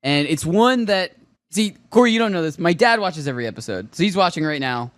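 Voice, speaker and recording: A man co-hosting a casual pop culture podcast, telling stories with lots of laughter and excitement. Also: on the high side, fairly quick, dry recording, clean studio sound. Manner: excitable storyteller, laughs often. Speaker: podcast co-host. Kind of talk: casual chat.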